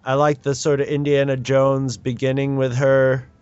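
A man's voice: mid-range voice, completely flat delivery, normal speed, a little mellow, smooth, dry recording. A man co-hosting a casual film chat, thinking aloud and restarting his sentences. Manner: thoughtful, hesitant, restarts often. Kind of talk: casual group chat about films. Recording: dull lo-fi sound, faint music behind.

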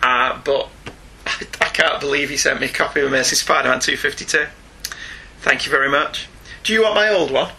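A man's voice: medium pitch, vocal fry, bright, forceful tone. A middle-aged British man co-hosting a podcast, reading out listener emails in a chatty manner with frequent laughs. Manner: chatty, slows down and laughs often. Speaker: podcast co-host.

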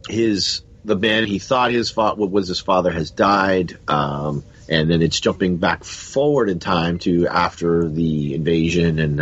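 A man's voice: deep voice, fairly bright tone, breathy edge, highs cut off. A man hosting a podcast in casual chat, rambling and correcting himself, sounding stuffed up from a cold. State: has a cold. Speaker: podcast host.

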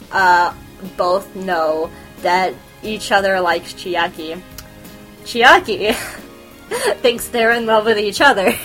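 A woman hosting a podcast, chatting casually and excitedly about anime, giggling and gushing as she talks. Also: mid-range voice. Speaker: podcast host. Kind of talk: casual anime review chat.

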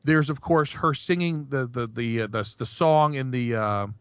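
A man's voice: mid-range voice, normal speed, clean tone, no echo. A man co-hosting a podcast in casual chat, rambling with many restarts and fillers. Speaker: podcast co-host. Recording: dry, dull lo-fi podcast mic.

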